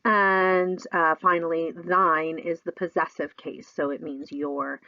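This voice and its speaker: A woman's voice: on the low side, normal speed, few pauses, no echo, muffled recording. A middle-aged woman teaching a recorded lesson, explaining in a chatty way with lots of fillers.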